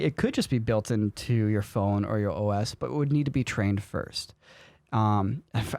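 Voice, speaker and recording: A man's voice: medium pitch, darkish tone, no room sound. Chatty young man explaining things. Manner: chatty, explains with quick examples. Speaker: podcast co-host. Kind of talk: casual chat. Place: podcast studio.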